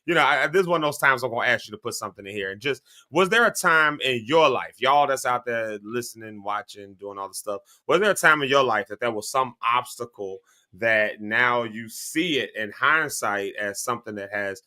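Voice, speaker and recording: Bright-voiced talk show host man. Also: medium pitch, fairly quick. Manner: animated, talks straight to viewers.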